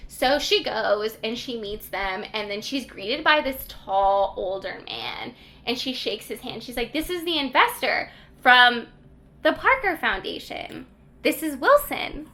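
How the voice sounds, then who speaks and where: A woman's voice: on the high side, big pitch swings, unhurried, bright, forceful tone. A young woman co-hosting a book podcast, recapping a novel's plot in casual chat and acting out the characters' lines as she goes.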